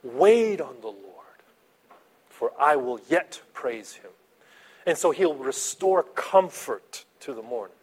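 A man preaching a sermon as a pastor, animated, swinging between soft asides and loud emphasis. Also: medium pitch, takes it slowly, husky.

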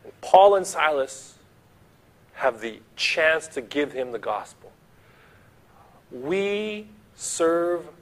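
A man preaching a sermon, retelling a story vividly and speaking straight to his listeners. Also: fairly high pitch.

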